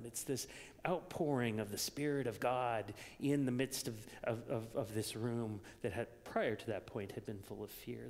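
A man's voice: medium pitch, vocal fry. Conversational male preacher in a reverberant hall. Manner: conversational, swings from loud emphasis to hushed whispers. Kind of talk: sermon. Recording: long reverb of a church hall.

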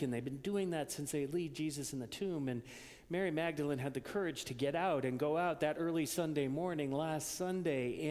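A man's voice: fairly high pitch, creaky. Conversational male preacher in a reverberant hall. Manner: conversational, swings from loud emphasis to hushed whispers. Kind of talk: sermon. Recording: long reverb of a church hall.

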